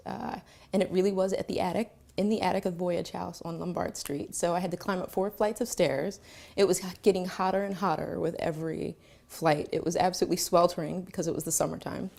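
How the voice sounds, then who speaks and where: A woman from Philadelphia telling a personal story, reflective and halting, with many pauses and fillers. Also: lowish voice, fairly even intonation, creaky, darkish tone. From Philadelphia, Pennsylvania.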